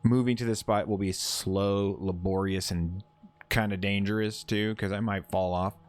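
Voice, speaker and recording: Streaming a survival game live, this gamer wanders through his plans, stumbling and restarting, joking with chat and cursing offhandedly. His fairly low voice keeps fairly even intonation at a moderate pace, with no room sound.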